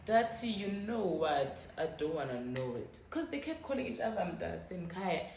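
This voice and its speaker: Woman, South African accent, 20s, low pitch, animated storytime, echoey room. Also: creaky, slight background noise. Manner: animated, swearing, quoting others in quick bursts. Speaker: YouTuber. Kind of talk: casual storytime.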